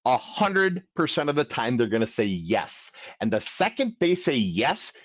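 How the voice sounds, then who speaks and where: A man's voice: medium pitch, unhurried, no room sound. A man coaching on credit during a live Q&A stream, talking casually and acting out phone calls. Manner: animated, acts out phone calls. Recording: dull, dry sound.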